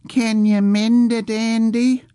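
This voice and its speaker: A man's voice: very high-pitched, flat delivery, takes it slowly, dark tone, clear, resonant tone, dry recording, clean studio sound, voice pushed up. A man voicing a boisterous young farmhand who teases and mocks. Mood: mimicking. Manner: boisterous, teasing.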